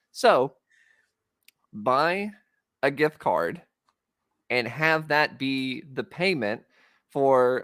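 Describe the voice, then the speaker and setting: A young man rambles through a casual toy chat, stopping and restarting with a laugh in his voice. His pitch jumps around a lot. The sound is dry and close, with no room in it. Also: lively intonation, drawn-out words, long pauses, fairly bright tone, clear, resonant tone, no room sound. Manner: joking, rambling, slips into comic voices. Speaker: podcast co-host. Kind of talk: casual chat about toys.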